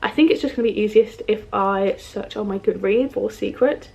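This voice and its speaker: Her mid-range voice carries some vocal fry and a darkish tone as this UK woman in her twenties vlogs about books at a moderate pace. She talks casually to camera from a home room in front of a bookshelf, bubbly and chatty, with frequent "like" and "um."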